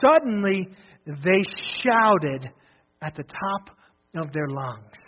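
A male pastor preaching a sermon, swinging from loud shouted declarations to low, hushed emphasis and repeating phrases. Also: very animated, slow pace, dull audio. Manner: repeats phrases, restarts often.

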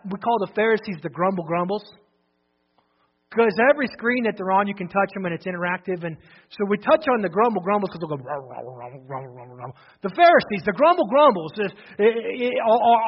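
Male pastor preaching, very high voice, big swings from loud to hushed, dull lo-fi sound. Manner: swings from loud declarations to hushed, low emphasis; repeats phrases, restarts often. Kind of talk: sermon.

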